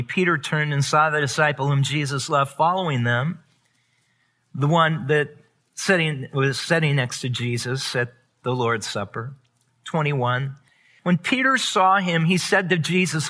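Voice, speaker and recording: A man with a bright, fairly high voice gives a personal testimony in a sermon. He speaks candidly and confessionally, growing emphatic when he drives a point home. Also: a little slow. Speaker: pastor.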